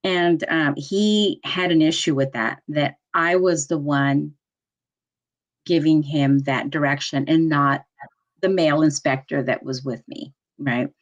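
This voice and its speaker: A middle-aged woman in code enforcement, telling a work story in a panel talk, animated and laughing often. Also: sits low, a little slow, muffled recording. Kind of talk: panel discussion, personal story.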